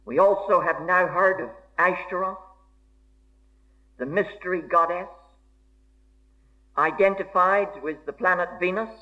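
A man preaching a sermon in a slow, deliberate and emphatic way, with formal old-fashioned diction. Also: sits high. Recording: dull lo-fi recording.

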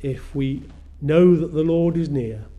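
A man preaching a sermon in a measured way, repeating phrases for emphasis. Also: on the high side, warm tone.

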